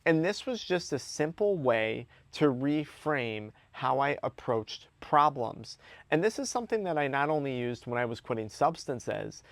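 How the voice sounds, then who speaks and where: A man's voice: mid-range voice, very animated, a little slow, creaky, no room sound. A man speaking as an addiction recovery coach, giving a motivational talk to camera in an earnest, emphatic way, repeating key words for stress.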